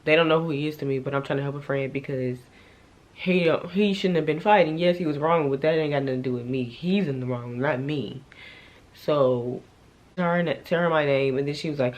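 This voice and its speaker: A young woman vlogger tells a story directly to her camera at a brisk pace. She's casual and animated, swinging between loud outbursts and quiet, low asides.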